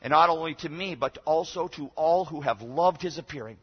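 A man preaching a sermon as pastor, moving between loud, emphatic exhortation and quiet, conversational storytelling. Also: fairly high pitch, quick pace, creaky, husky. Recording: dull lo-fi sermon recording.

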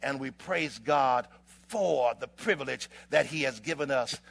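A man preaching a sermon with impassioned delivery, building to shouts and holding dramatic pauses in rhythmic, alliterative phrases. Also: medium pitch, gravelly.

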